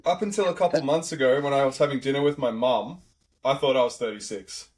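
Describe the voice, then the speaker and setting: A man's voice: mid-range voice, fast, darkish tone. Man, Australian accent, 30s, casual podcast guest, rambling. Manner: rambling, filler-heavy, easygoing. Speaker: podcast guest, auto technician. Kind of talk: casual chat.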